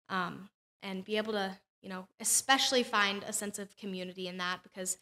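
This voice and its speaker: A woman's voice: mid-range voice, steady tone, brisk, bright, forceful tone. A young adult woman, a podcast guest, earnestly telling a story with frequent fillers.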